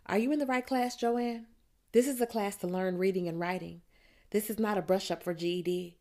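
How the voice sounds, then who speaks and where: A woman voicing a patient but firm adult literacy teacher in a storybook reading, speaking calmly and plainly. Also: mid-range voice, brisk, natural voice. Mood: questioning. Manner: calm, firm, plainly spoken.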